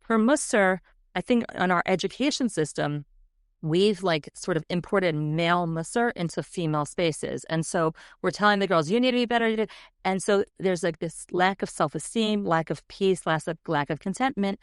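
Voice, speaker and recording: A woman educator and author speaking as a podcast guest, animated and often acting out quoted voices. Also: lowish voice, normal speed, clean tone, dry recording, clean studio sound. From United States. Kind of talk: podcast interview.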